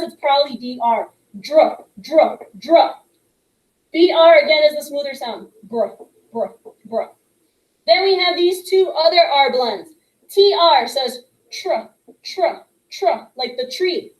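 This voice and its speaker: Woman teacher, high voice, patient phonics lesson, echoey classroom. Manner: patient, encouraging, sounds out letters slowly. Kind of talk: phonics lesson for young students. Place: classroom with a whiteboard. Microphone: microphone picked up partway.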